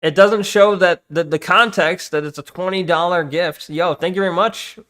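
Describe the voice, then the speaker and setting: A man's voice: high voice, steady tone, moderate pace, a bit bright. A man streaming live in casual chat, reading comments aloud and often breaking off to say "hold on". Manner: distracted, reads chat aloud, many restarts and "hold on"s.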